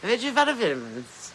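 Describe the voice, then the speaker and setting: A Southern US podcast host speaks in a mid-range, slightly bright voice, rambling and laughing often as she reads viewer comments aloud during a casual phone live stream. Her smartphone captures low-quality audio with a little hiss or hum.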